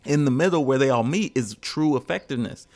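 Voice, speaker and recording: A man's voice: mid-range voice, fairly quick, a little mellow. A man with an ordinary mid-range voice talks things through on a podcast. His manner is reflective and musing, and he stays easygoing with his co-host. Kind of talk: casual podcast conversation.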